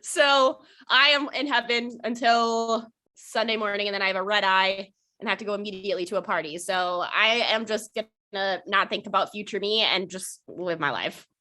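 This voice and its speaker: A woman's voice: mid-range voice, moderate pace, bright, forceful tone. A young woman co-hosting a podcast in casual chat, talkative, cursing often and laughing a lot. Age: young adult. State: hiccups. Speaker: podcast co-host.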